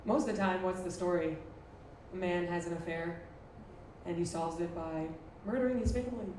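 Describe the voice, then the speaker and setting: A woman's voice: lowish voice, normal speed, a little mellow. A woman in her thirties from Buffalo doing a brash, crude, self-mocking stand-up set in a former library before a live audience. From Buffalo, New York. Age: 30s. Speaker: stand-up comedian. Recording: echoey distant room mic with noise. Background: audience laughter.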